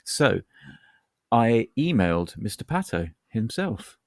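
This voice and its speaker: A man's voice: fairly low pitch, big pitch swings, slow pace, darkish tone, no echo, clean studio sound. A man co-hosting a podcast, telling rambling, wry anecdotes with plenty of asides. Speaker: podcast co-host. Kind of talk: casual chat.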